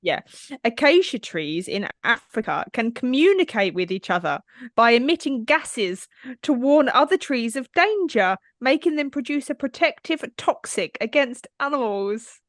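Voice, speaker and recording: A woman in her thirties talking in a relaxed podcast chat with a slightly high voice. She tells anecdotes with easy laughter and casual swearing. The sound is close and dry, with no room around it. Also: measured pace, no room sound. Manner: chatty storyteller, laughs often, swears casually. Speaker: podcast co-host.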